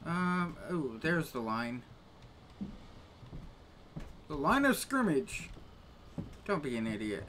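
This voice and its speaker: A man's voice: fairly high pitch, very animated, slow, long pauses, fairly bright tone, a little hiss or hum. A man grumbling casually to his live-stream chat while he plays a game, with exasperated little rants.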